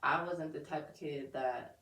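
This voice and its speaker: A young woman talking casually on a podcast about raising her toddler son, candid and quick to laugh. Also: deep voice, a bit bright. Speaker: podcast co-host. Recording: echoey room, distant mic.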